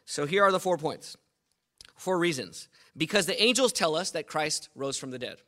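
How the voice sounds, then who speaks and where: A man's voice: on the high side, expressive, moderate pace, sharp tone. A man preaching a sermon as pastor, quizzing the congregation and repeating points with emphasis. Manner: asks the congregation questions, emphatic repetition.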